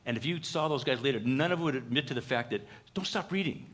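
A pastor delivering a conversational sermon in church, animated and full of "uh" fillers. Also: male voice, mid-range voice, racing.

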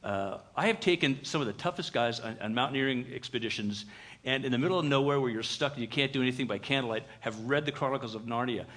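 A pastor delivering a conversational sermon in church, animated and full of "uh" fillers. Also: male voice, mid-range voice, fast.

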